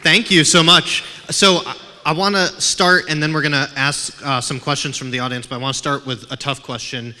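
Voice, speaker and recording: Sharp-toned man moderating an event. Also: fairly high pitch, steady tone, normal speed. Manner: upbeat and playful. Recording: reverberant hall from a distance, faint noise.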